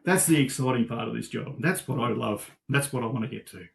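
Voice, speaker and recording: Aussie bloke on a podcast, chatty, gets fired up telling a story. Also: male voice, mid-range voice, a little fast, creaky, slight background noise. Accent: Australian. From Australia. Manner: animated storyteller, gets worked up. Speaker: guest, supplier sales manager. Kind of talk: casual interview answers.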